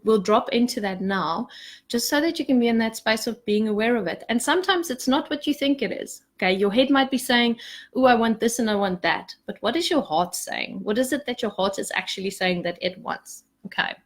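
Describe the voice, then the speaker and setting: A woman's voice: on the high side, moderate pace. Chatty woman coaching a spiritual group. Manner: chatty and animated, often adds "okay?"; soft and hushed as she leads a meditation. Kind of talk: casual spiritual talk to a group.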